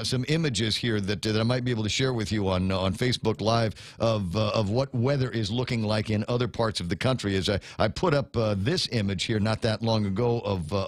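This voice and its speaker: A male morning radio host, chatting in a loose, rambling way that keeps stopping and restarting. His voice sits at an ordinary middle pitch. The studio sound is close and dry, with no room echo. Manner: rambling, halting, many fillers and restarts. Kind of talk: casual morning radio talk.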